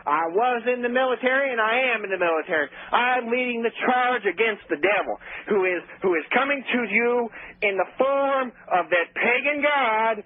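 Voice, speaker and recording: A man doing a high, husky ranting zealot caller. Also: expressive, moderate pace. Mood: preaching. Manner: bombastic, repeats "I'm gonna tell you what". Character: ranting zealot male caller, self-righteous, indignant. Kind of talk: call-in radio rant. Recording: tinny phone line on radio.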